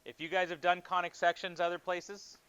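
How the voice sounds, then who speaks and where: A male math teacher with a bright, fairly high voice leads a lively classroom lesson. He asks students questions and jokes with them between steps. The recording is dull and lo-fi. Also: moderate pace, smooth. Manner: playful, joking with students.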